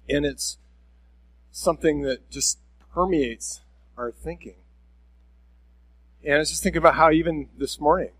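A pastor delivers a conversational sermon at a church service, talking candidly and directly to his congregation with self-deprecating honesty. His voice sits on the high side.

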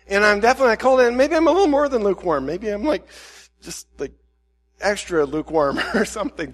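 A man's voice: high voice, fairly bright tone. A man preaching a sermon in a conversational way, acting out prayers and quotes with rising intensity. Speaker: pastor.

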